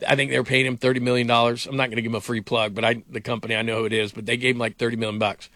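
A man's voice: medium pitch, level tone, rapid-fire, fairly bright tone, no echo, clean studio sound. A middle-aged man hosting a sports talk radio show, rambling through stories with lots of fillers. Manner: rambling storyteller, heavy on fillers.

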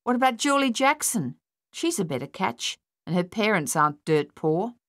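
A woman's voice: mid-range voice, sing-song, normal speed, no room sound, studio quality, natural voice. A woman reading an earnest, sceptical young country man in an audiobook.

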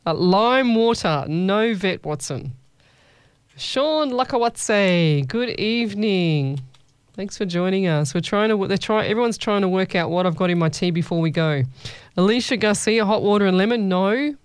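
A woman's voice: medium pitch, lively intonation, normal speed, clear, resonant tone, no room sound. A woman hosting a casual call-in radio show, chatty and familiar, calling listeners "lovey". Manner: chatty, warm-hearted, calls listeners "lovey". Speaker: radio host. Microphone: studio microphone.

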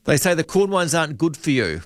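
A New Zealand man hosting a radio talk show, his voice sitting a little high for a man. He talks in a loose, chatty way and keeps asking his callers questions. The studio sound is dry and close. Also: a little fast, no room sound. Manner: chatty, relaxed, quizzing callers. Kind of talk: casual radio chat. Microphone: studio microphone.

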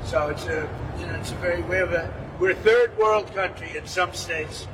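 A man giving rambling off-the-cuff remarks to the press, repetitive and halting. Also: sits high, recorded from a distance, noisy background. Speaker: politician talking to press.

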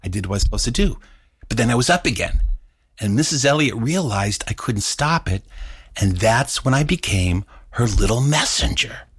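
A middle-aged man telling a story in an animated way, acting out voices and sound effects. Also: medium pitch, normal speed, husky, dry recording, clean studio sound. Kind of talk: storytelling performance.

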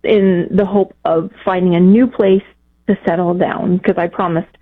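A woman calling in to a radio advice show, talking in an emotional, halting way with frequent restarts. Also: lowish voice, fairly even intonation, husky. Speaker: caller. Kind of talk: call-in radio conversation. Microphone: phone. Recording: tinny phone line.

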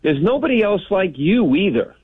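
A man who hosts a radio show, telling stories in a casual, animated talk-show conversation. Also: sits high, normal speed, slightly rough, no echo. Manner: animated storytelling, broadcaster delivery. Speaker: radio host. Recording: tinny phone-like sound.

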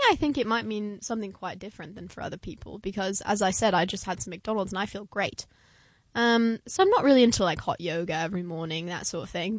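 A woman's voice: mid-range voice, no room sound. A woman co-hosting a comedic call-in show, matter-of-fact and mock-earnest, with frequent sighs. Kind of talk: deadpan comedic banter.

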